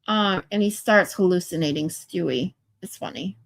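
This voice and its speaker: A woman's voice: lowish voice, moderate pace, gravelly, no room sound. A sleep-deprived woman hosting a livestream, chatting loosely and reading viewer comments aloud. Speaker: livestream host. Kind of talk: casual chat with live viewers.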